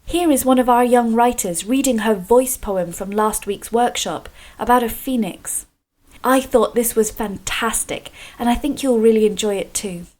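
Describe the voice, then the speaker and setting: A woman's voice: fairly high pitch, darkish tone. Encouraging woman teaching kids poetry. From Scotland. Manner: slow, clear, encouraging explanations. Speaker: creative writing teacher. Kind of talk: friendly video workshop for children.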